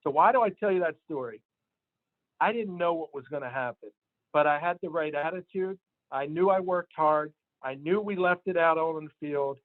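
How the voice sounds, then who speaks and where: Male sales manager, emphatic motivational storyteller, slightly high pitch, dry and tinny audio. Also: moderate pace, no echo. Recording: tinny phone-line sound, dry.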